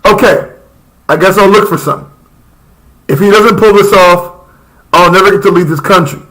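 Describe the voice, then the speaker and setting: A man's voice: sits high, moderate pace, a bit bright, poor audio. A young man chatting casually and passionately as a live reaction streamer, rambling in slang.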